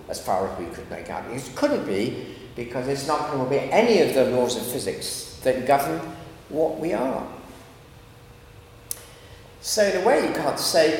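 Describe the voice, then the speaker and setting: A man's voice: a little high, vocal fry. Wry man lecturing in an echoey hall. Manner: lively, wry and digressive, with asides and chuckles. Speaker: philosopher giving a lecture. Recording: echoey lecture hall with faint background noise.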